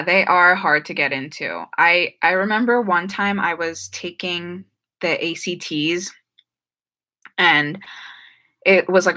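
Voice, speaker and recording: A young woman with a New Jersey and Philadelphia accent talks casually on a live stream, filling her sentences with "like" and "um" and sometimes tripping over her words. Her voice sits slightly low and sounds bright and sharp. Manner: chatty, frequent "like" and "um", trips over words. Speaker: YouTuber hosting a live stream Q&A.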